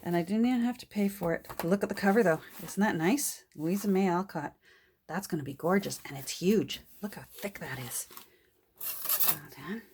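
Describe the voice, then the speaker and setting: A lowish-voiced older woman moves at a moderate pace through a casual show-and-tell of her thrift haul. She sounds delighted and often drops to soft whispers and gasps, with slight background noise present.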